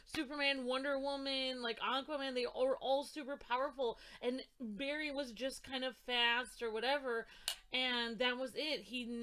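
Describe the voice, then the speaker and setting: A young woman co-hosting a podcast in casual chat, gushing and excitable, with lots of fillers. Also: sits high. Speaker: podcast co-host.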